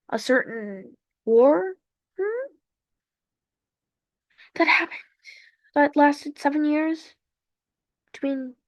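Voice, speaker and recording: Slow, rambling woman narrating gameplay. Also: sits high, no room sound. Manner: rambling, playful, with sound effects and asides. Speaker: strategy game commentator. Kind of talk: casual gameplay commentary. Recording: dull lo-fi dry recording.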